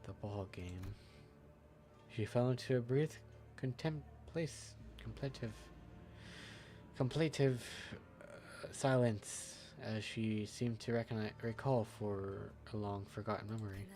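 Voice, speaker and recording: Man reading game text, halting. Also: fairly low pitch, a little mellow. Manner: halting, self-correcting reading. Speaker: streamer reading a game aloud.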